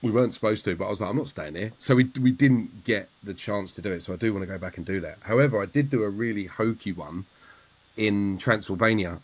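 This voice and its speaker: A man in a relaxed group conversation, spinning anecdotes with a chuckle. His voice sits on the lower side. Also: fast, no room sound. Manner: chatty, laughing anecdotes. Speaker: filmmaker and guest. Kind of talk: casual group chat.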